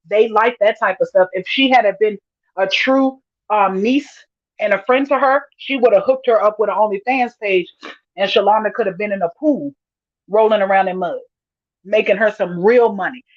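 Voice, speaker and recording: With a medium-pitched voice and a Southern drawl, a woman hosts a laid-back livestream, reading viewer comments aloud, dropping Southern slang, and laughing a lot. The lo-fi mic gives a dry, slightly dull recording.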